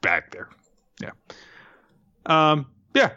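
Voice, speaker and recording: Brief: man, bright, animated co-host, close dry sound, jokey. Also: fairly high pitch, very slow, no echo, muffled recording. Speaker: podcast co-host. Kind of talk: casual chat.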